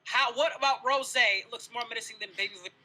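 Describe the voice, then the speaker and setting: A man's voice: very high-pitched, very fast, poor audio. A man on a casual livestream, arguing his point with energy and swearing freely while answering chat. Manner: animated, argumentative, swears freely. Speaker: streamer answering chat questions.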